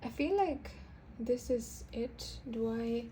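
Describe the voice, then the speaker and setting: A young woman doing a casual tarot reading, rambling and halting, often restarting her sentences. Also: fairly high pitch, animated, warm tone, a little hiss or hum. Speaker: tarot reader.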